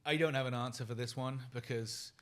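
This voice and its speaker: A soft-spoken British man in his forties gives a guest interview. He talks in an earnest, reflective way, often trailing off quietly. His pitch sits in an ordinary middle range. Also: steady tone, fairly quick. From United Kingdom.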